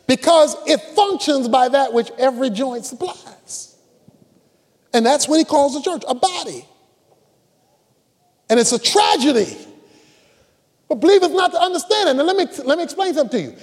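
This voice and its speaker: Male pastor, emphatic repetitive sermon delivery, very lively pitch. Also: moderate pace, pauses often. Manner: emphatic preaching with repetition and call-and-response. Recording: long reverb of a large hall.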